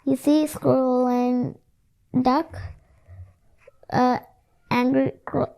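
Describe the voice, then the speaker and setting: A woman reading a picture book aloud to children, stopping to explain it with halting asides and fillers. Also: high-pitched, level tone, vocal fry, dark tone, clean tone. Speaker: storyteller.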